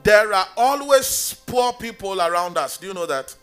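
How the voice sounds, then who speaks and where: Male pastor, emphatic sing-song sermon delivery, bright tone. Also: high voice, animated, moderate pace, faint music behind. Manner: emphatic preaching, sing-song calls for amen.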